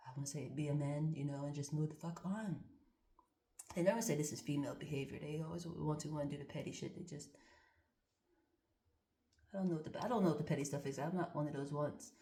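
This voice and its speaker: In an echoey room, a woman reads cards and muses aloud in a casual, candid spiritual monologue, swearing freely. Her voice is deep and dark in tone, a little fast, with long pauses.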